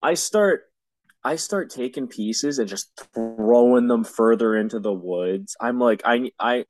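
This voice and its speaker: A man's voice: medium pitch, measured pace, a little mellow, no room sound, soft background music. A young man telling a story in casual chat, exasperated and swearing often, with rambling restarts.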